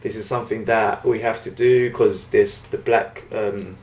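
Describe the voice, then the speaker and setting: A man's voice: on the low side, fairly even intonation, normal speed, darkish tone. Rambling man recapping comics, echoey room. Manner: rambling, acts out characters' lines. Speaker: podcast co-host. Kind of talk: casual comic book recap.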